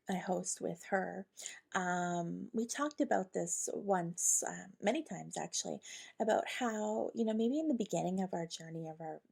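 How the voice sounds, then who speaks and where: A woman talks in a loose, rambling way as the host of a spiritual podcast. She acts out her own inner thoughts as quotes. Her voice sits at a middle pitch with a gravelly edge. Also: darkish tone. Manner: chatty and rambling, with many fillers and quoted inner dialogue. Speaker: podcast host, intuitive channeler. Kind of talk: casual spiritual monologue.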